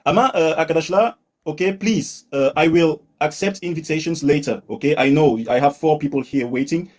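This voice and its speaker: A man teaching English on a live stream, patient, repeating words slowly and mixing in Turkish for his learners. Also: a little high, a little mellow. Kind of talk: live-stream language lesson.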